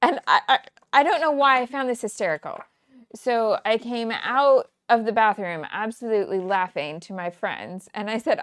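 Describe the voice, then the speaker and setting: Clean studio sound with no echo captures a woman in her forties from the Kansas City area, US, as she scrapbooks during a casual crafting livestream. A teacher and host, she chats in a fairly high, sing-song voice at a moderate pace, rambling through stories with frequent laughter.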